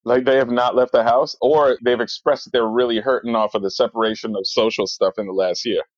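A man's voice: mid-range voice, a little fast, no room sound. A man talking loosely and animatedly, circling back with fillers and false starts. The sound is dry and close, a little dull in the top end. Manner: rambling, animated storyteller with many fillers. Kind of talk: casual chat.

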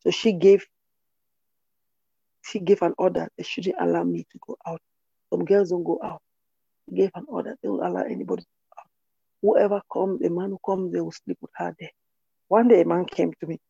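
Gravelly, husky woman. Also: on the low side, little pitch movement, brisk, long pauses, dark tone, dry recording. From Cameroon. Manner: earnest, repeats phrases for emphasis. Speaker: interviewee. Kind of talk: personal testimony. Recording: dull, dry lo-fi recording.

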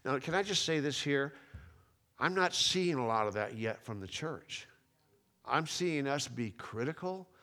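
Middle-aged male pastor, mid-range voice, conversational sermon with loud emphatic surges. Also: medium pitch, expressive, unhurried. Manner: conversational preaching, rising to emphatic peaks, restarts and repeated words.

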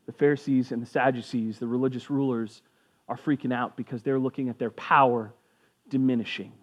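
A man's voice: mid-range voice, fairly even intonation, fairly quick, muffled recording. A man giving a casual sermon as a pastor, conversational and jokey, briefly acting out voices of people in the story.

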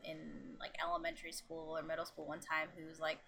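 A woman from the northern US chatting casually, animated, laughing often and acting out quotes. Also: low-pitched, fast talker, a little hiss or hum. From Pittsburgh area, US North. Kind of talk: casual chat.

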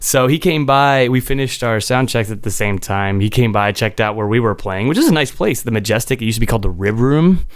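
A man's voice: medium pitch, expressive, fairly quick, few pauses, clear, resonant tone, no echo. A man on a podcast telling a casual, rambling story about a gig, often restarting his sentences and chuckling. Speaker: podcast co-host and gigging musician.

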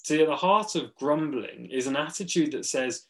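A man preaching a sermon. He speaks earnestly and with emphasis, pausing between short phrases. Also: fairly high pitch, lively intonation.

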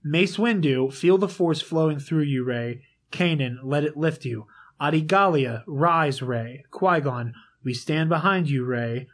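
Animated, swearing young-sounding man in casual chat. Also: a little high, measured pace. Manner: animated, swearing, quotes lines in dramatic voices.

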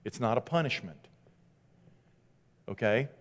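A man preaching with casual, lively energy who acts out the scripture quotes he tells. His voice sits in the middle range, and it rings with a long reverb from a large hall. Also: mid-range voice, unhurried. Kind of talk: sermon.

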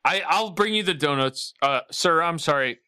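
A man's voice: fairly high pitch, expressive, normal speed, a loud crowd. A man hosting a prank phone call, pushy and rambling, coaxing the other side again and again. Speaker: host making a prank call.

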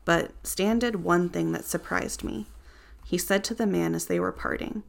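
A woman's voice: fairly low pitch, normal speed, creaky, faint music behind. A woman narrating a nonfiction audiobook in the first person, earnest and reflective.

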